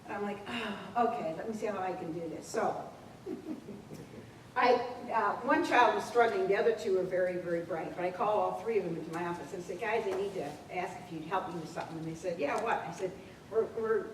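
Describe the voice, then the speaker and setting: A woman presenting at a workshop, telling school anecdotes with animated storytelling and acting out the dialogue. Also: mid-range voice, brisk. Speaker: school administrator presenting a program. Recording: echoey room, distant mic, faint noise.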